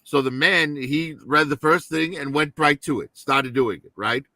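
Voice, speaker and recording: A man's voice: fairly high pitch, normal speed, sharp tone, no room sound. A man in casual podcast chat, telling stories and tagging sentences with "right?". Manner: storytelling with frequent "right?" tags.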